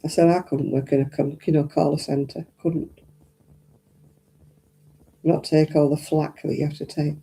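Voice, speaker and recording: A woman's voice: low voice, little pitch movement, moderate pace, gravelly, long pauses, mellow, breathy edge. An older woman, chatting casually as host of a crafting livestream and rambling through anecdotes. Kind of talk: casual chat.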